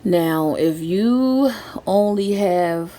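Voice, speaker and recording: A woman's voice: fairly low pitch, animated, very slow, mellow. A woman telling a story in a casual, rambling way, with many fillers and restarts, speaking. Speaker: vlogger.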